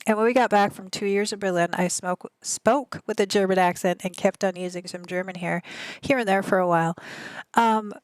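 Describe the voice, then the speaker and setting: A woman's voice: medium pitch, steady tone, a little fast, smooth, no room sound. A woman in her thirties with a Midwestern American accent, chatting casually with her live stream audience. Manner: chatty, rambling, reads chat aloud. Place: home gaming desk.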